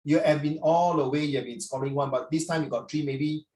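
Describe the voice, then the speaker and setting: A man voicing a gentle, comforting father reassuring his son, with a soft, low delivery, in a roomy recording from a distant mic. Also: fairly even intonation, a little fast, lightly acted.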